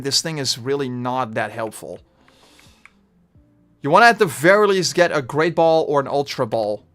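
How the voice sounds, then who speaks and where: A man with a Dutch accent chatting through a live game stream, rambling and getting loudly frustrated at times. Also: on the high side. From Netherlands. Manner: chatty, bursts of frustration, trailing off.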